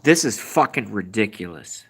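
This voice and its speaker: A man's voice: on the low side, very animated, moderate pace, gravelly, a bit bright, breathy edge. A man hosting a casual live stream from his phone, ranting in frustration and swearing about his device. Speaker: livestream host. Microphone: phone camera at arm's length.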